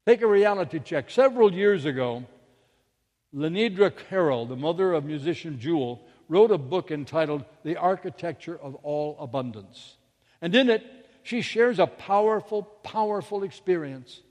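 A man's voice: fairly high pitch, lively intonation, moderate pace, darkish tone, long reverb tail. A male minister telling a story in a sermon, dramatic, with sudden drops to near-whispers.

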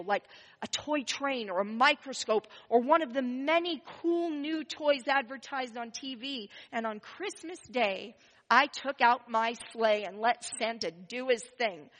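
A woman telling a first-person story, expressive and swinging between loud and hushed. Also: on the high side, in a large hall, low-quality recording.

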